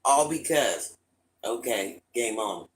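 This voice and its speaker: A middle-aged man hosting a casual livestream, telling stories and answering his chat in a lively, repetitive way. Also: mid-range voice, slow pace, low-quality recording. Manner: repetitive, animated storytelling, often restarts phrases. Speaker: livestream host talking to chat viewers.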